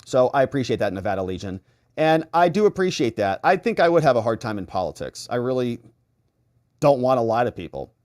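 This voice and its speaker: A middle-aged American man hosts a live stream with a lot of swing in his voice. He reads viewer comments and thanks donors in a casual, chatty way, and acts out quick back-and-forths as he goes. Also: mid-range voice, no echo, clean studio sound. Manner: animated, chatty, acts out little exchanges.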